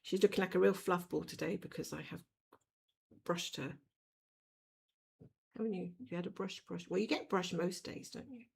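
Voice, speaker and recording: Her fairly low, gravelly voice has a slight roughness and moves at a moderate pace with many pauses. She's a middle-aged woman livestreaming cross-stitch from a home room, chatting frankly while she stitches and fusses over her cat.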